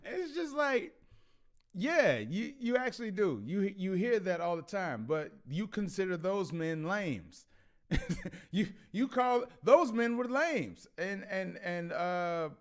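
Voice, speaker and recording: A man's voice: high-pitched, sing-song, takes it slowly, pauses often. A man hosting a casual commentary vlog who laughs often and stammers through restarts. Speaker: vlog host.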